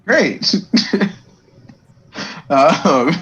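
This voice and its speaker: A man's voice: fairly high pitch, sing-song, extremely slow, fairly bright tone, muffled recording. A man chatting as a player at a tabletop game, asking careful questions about the rules. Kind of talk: casual chat at a game table.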